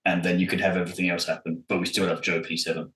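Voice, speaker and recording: A man's voice: low voice, level tone, racing, fairly bright tone, roomy sound, rough recording. A man co-hosting a podcast, teasing the others and laughing often. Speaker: podcast co-host. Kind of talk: casual chat.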